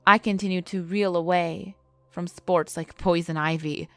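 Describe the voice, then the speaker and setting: Low-voiced woman narrating a spooky story. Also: fairly even intonation, measured pace, no echo. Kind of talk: first-person scripted horror story narration.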